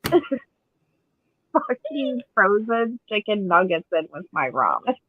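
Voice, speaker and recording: A woman's voice: mid-range voice, very animated, slow pace, no echo. A woman co-hosting a podcast in laid-back, joking casual chat. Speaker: podcast co-host. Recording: dry, muffled lo-fi sound.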